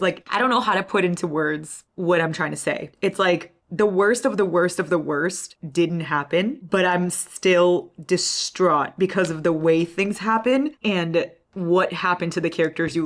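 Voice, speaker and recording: A young woman reading and gushing in a casual, emotional book vlog, swearing freely. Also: fairly low pitch. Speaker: book vlogger.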